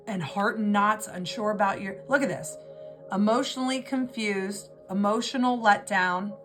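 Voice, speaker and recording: A woman's voice: medium pitch, fairly bright tone. A woman giving an intuitive tarot reading, talking in an emotional, rambling way and often restarting her words. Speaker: tarot reader.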